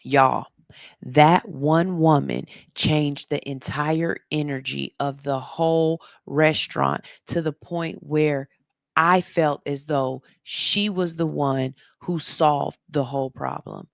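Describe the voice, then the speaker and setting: A woman hosting a radio stream tells a story with lively, animated energy. Her voice has a gravelly edge. The sound is close and dry. She talks right to her audience the whole time. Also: deep voice, slow pace, dry recording. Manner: slips into soft, hushed voices when quoting people. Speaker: radio show host. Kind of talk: casual livestream storytelling.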